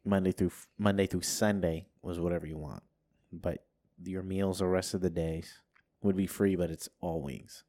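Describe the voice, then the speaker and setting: Deep-voiced, playful man tossing out hypotheticals, recorded dry and close. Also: fairly even intonation, normal speed, mellow, dry recording. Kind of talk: casual chat.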